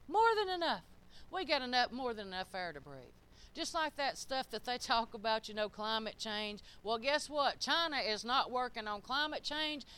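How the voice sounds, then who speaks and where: A middle-aged woman preaching a sermon in a church, emphatic and swinging up to shouted peaks. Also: sits high, clear, resonant tone.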